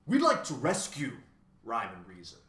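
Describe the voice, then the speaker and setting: A man's voice: mid-range voice, huge pitch swings, moderate pace, a bit bright, echoey room. A man doing a polite loyal watchdog.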